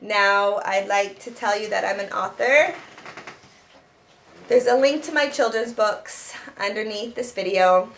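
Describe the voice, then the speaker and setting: A woman's voice: mid-range voice, unhurried, fairly bright tone, a little hiss or hum. A woman who teaches self-help and writes children's books, giving spoken advice in an earnest way with many restarts.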